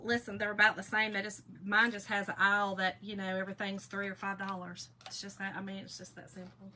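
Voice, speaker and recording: A woman's voice: medium pitch, flat delivery, fairly quick, sharp tone, a little hiss or hum. A woman hosting a crafting livestream, chatting folksily with viewers and reading out their comments. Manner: chatty, folksy, calls viewers girl and y'all.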